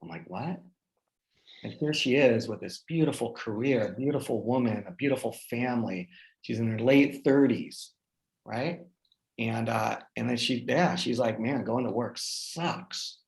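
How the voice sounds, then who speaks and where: A man talking casually as a guest, telling personal stories in an animated way and often checking in with "right?". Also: medium pitch, normal speed, vocal fry, low-quality recording. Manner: animated, lots of restarts and "right?" tags. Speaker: guest speaker. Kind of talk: casual conversational storytelling.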